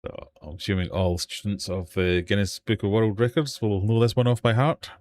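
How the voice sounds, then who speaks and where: A man's voice: fairly low pitch, steady tone, normal speed, a little mellow. A man hosting a live online quiz from his home fish room, reading out questions and poking fun at himself. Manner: jokey, self-mocking quizmaster. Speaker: livestream quiz host.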